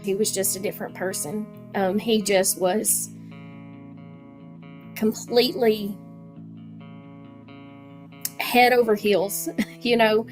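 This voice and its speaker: A woman's voice: mid-range voice, level tone, slow, long pauses, music in the background. Woman recalling a tragedy. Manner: emotional, recounting a phone call. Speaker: elementary school teacher, victim's sister. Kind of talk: documentary interview.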